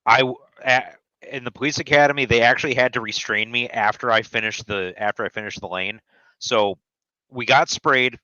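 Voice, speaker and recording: A man's voice: medium pitch, normal speed, pushed and bright, no room sound. A middle-aged man who trained in law enforcement, telling army and police stories in a matter-of-fact, casual way. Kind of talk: casual profane chat. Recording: dry dull lo-fi sound.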